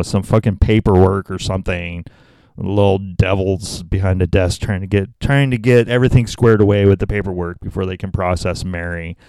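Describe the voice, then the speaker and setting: A man's voice: sits low, creaky, a little mellow, no echo. A man giving profane, sarcastic commentary, mocking a talk he is reacting to. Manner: sarcastic, swears constantly, exasperated.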